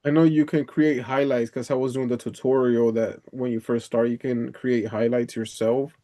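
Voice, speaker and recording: A man's voice: medium pitch, level tone, normal speed, dark tone. A man with a mid-range voice talks on a video call with his coach. He is from the Dominican Republic and tells stories loosely, breaking into laughter and peppering his talk with "bro" and swearing. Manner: chatty storyteller, laughs often, swears, says "bro" a lot. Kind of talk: casual chat on a coaching call.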